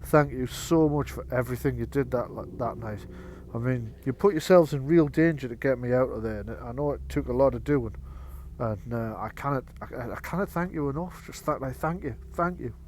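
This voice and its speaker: A man voicing a grateful middle-aged train driver who speaks in a halting, heartfelt way. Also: mid-range voice, a little mellow, slight background noise, natural voice.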